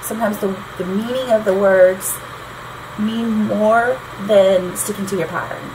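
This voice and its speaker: A woman teaches songwriting in an easygoing, explanatory way, often tapping out the beat of a line aloud. Her voice sits at a middling pitch. A steady hiss of background noise runs under the recording. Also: unhurried. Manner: chatty, tapping out rhythms aloud. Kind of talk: explanatory lesson.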